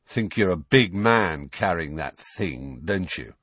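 A man's voice: low voice, animated, measured pace, a bit bright, husky, no echo, exaggerated voice. A man voicing a big, sulky teenage boy who bullies and taunts, snarling his lines. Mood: taunting.

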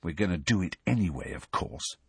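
A man doing a quiet, calm teen schoolboy. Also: moderate pace, husky, dry recording. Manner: quiet, low-key.

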